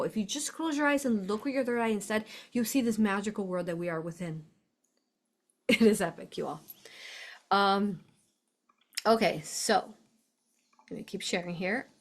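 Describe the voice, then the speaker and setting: A woman from the United States hosting a spiritual live stream, talking casually and effusively with frequent laughs and fillers. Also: mid-range voice. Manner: chatty, effusive, laughs often, many fillers. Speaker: host of a spiritual live show.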